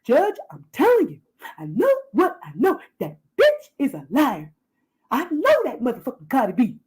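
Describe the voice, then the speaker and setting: A woman's voice: high-pitched, wildly swooping pitch, normal speed, darkish tone, slightly rough, voice pushed up, heavily acted. A woman putting on a brash, scheming female gossip host who gives profane orders over and over. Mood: insistent. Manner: bossy, profane, repetitive ordering.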